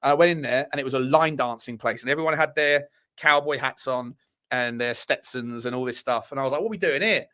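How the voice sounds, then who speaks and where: A man's voice: mid-range voice, steady tone, brisk, a bit bright, clean tone. A man with an English accent hosts a live show, chatting casually with viewers and reacting to their messages. He swears freely and laughs at himself as he tells stories. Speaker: host of a live fan show.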